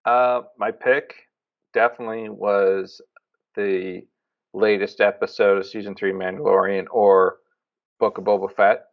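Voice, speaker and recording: A man co-hosting a podcast, chatting casually and telling rambling, excitable stories. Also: on the low side, measured pace, creaky. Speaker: podcast co-host. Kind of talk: casual chat. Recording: dull lo-fi sound.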